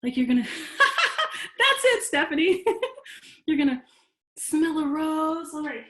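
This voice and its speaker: A woman's voice: sits high, lively intonation, takes it slowly. A woman soprano teaching an online singing and exercise class, coaching her students by name and cheering them on. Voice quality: trained soprano. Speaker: voice and fitness instructor. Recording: roomy sound with loud music.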